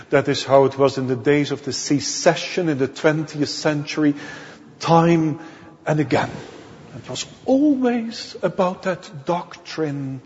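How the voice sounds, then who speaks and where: A male minister from the Netherlands, preaching a sermon in slow, deliberate storytelling that leans on key words. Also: on the high side, darkish tone. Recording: dull audio with long hall reverb.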